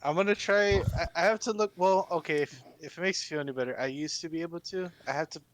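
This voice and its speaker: A man's voice: a little high, quick pace, a little hiss or hum. A man on a podcast in casual chat, mumbling and self-deprecating, giggling at himself.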